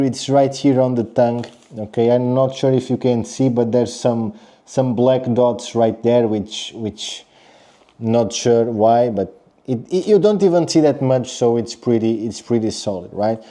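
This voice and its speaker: A young man casually reviewing sneakers, talking straight to his viewers and tagging his points with a quick "okay?". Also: mid-range voice, dark tone. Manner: chatty, direct address with frequent "okay?" and restarts.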